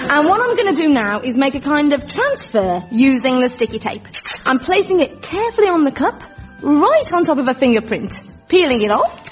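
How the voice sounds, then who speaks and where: A woman's voice: sits high, lo-fi sound. Chirpy woman demonstrating. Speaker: comedy sidekick doing a demonstration. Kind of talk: mock TV craft demonstration.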